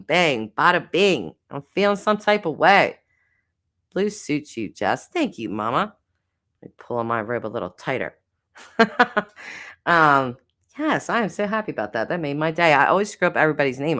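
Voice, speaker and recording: A woman's voice: low-pitched, very animated, normal speed, pauses often, a bit bright. A middle-aged woman hosting a casual live stream, reading chat comments aloud, giggling and teasing herself about getting names wrong. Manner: giggly, self-deprecating, chatty.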